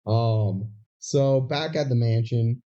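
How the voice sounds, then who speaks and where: A man's voice: medium pitch, slow pace, warm tone, dull audio. A man co-hosting a podcast, recapping a movie scene by scene and acting out the characters' lines. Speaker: podcast co-host. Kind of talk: casual movie recap chat.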